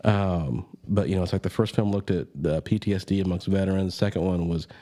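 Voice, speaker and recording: A man's voice: low voice, quick pace, warm tone. A man hosting a casual movie podcast, talking in a laid-back, rambling way with many fillers. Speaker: podcast host.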